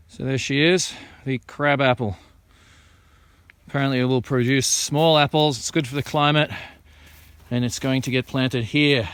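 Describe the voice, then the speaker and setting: A man talks his viewers through his outdoor work in an easygoing, chatty vlog style. His voice is smooth and clear, recorded dry and close, and sits at an ordinary middle pitch. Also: no room sound. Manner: relaxed, chatty explaining while working outdoors. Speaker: vlogger planting trees. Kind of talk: casual show-and-tell vlog. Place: outdoors on hilly rural land.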